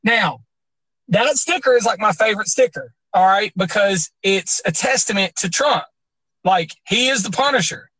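A man's voice: high-pitched, lively intonation, moderate pace, bright, forceful tone, breathy edge, no room sound, low-quality recording. A man co-hosting a podcast, telling stories in rambling, profane casual chat with lots of fillers. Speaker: podcast co-host.

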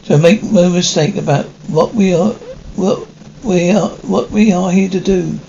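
A man's voice: high voice, unhurried, creaky, dark tone, lo-fi sound. A man playing a brusque young male stage director in a 1950s television drama, speaking in a clipped, commanding way. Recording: faint hiss of an old TV soundtrack.

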